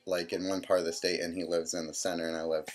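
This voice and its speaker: Young man in his twenties, deep low voice, casual rambling storyteller, lots of quoted dialogue. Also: little pitch movement, quick pace. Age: 20s. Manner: rambling, full of "I'm like" quotes. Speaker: vlogger.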